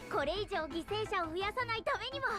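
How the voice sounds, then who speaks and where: A determined young anime sleuth girl with a very high, lively voice. She talks fast and resolutely, with a bright, earnest edge. Clear background music plays under her lines.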